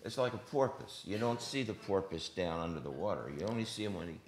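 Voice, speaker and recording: Older male drummer, panel guest; low, chatty, animated, mouths beats and hisses out percussion. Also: quick pace. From United States. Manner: animated, sings rhythms aloud, hisses percussion sounds. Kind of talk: anecdotal storytelling on a panel. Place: stage panel before an audience.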